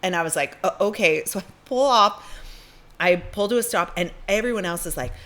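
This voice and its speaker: A woman co-hosting a podcast, telling a story in a casual, animated way and acting out the people in it. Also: lowish voice, fairly quick. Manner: animated, acts out voices in her stories. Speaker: podcast co-host.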